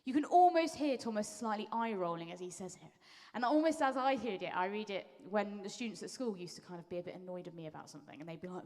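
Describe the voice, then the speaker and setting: A woman preaching to a congregation in a church hall, chatty and animated as she retells a story. Her voice sits in a middling register. A long reverb trails after her words. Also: mid-range voice, a little fast. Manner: lively storytelling, acting out quotes in voices. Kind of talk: conversational sermon.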